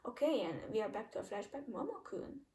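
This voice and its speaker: A woman's voice: medium pitch, animated, fast, mellow, echoey room, far from the mic, poor audio. A woman reading a manga chapter aloud and chatting casually about what happens, voicing the dialogue with mild changes of voice. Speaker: manga reaction reader.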